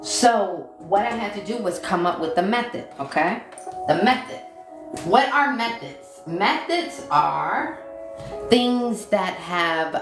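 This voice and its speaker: A woman giving a casual livestream talk as a mindset coach. She repeats key phrases and stops to answer viewer comments. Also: fairly low pitch. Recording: roomy sound with music behind. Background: background music.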